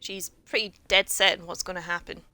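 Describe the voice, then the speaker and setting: Woman streamer, sarcastic and joking, bright tone, casual gameplay chatter. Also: on the low side, fairly even intonation, brisk, no room sound. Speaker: game streamer.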